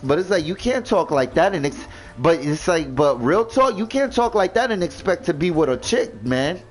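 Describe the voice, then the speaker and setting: A man's voice: fairly high pitch, expressive, normal speed, soft background music, poor audio. A man ranting indignantly in casual commentary, swearing and repeating himself as he stumbles over words. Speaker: gaming vlogger.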